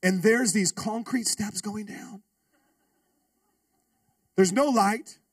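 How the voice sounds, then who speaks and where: High-voiced, animated pastor telling a story. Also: male voice, slow, long pauses, slightly rough, no echo, recorded from a distance. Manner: animated, humorous, calls out to the congregation. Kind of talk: storytelling sermon.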